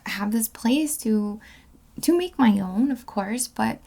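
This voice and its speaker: A woman's voice: on the high side, lively intonation, takes it slowly, gravelly, mellow. A woman giving a casual tarot reading, rambling with many fillers and self-corrections, sometimes dropping into a whisper. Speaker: tarot card reader.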